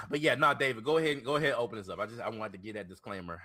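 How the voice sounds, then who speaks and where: A man's voice: on the low side, racing, sharp tone. A man co-hosting a podcast, chatting casually, repeating words and using slang as he talks. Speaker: podcast co-host. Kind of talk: casual chat.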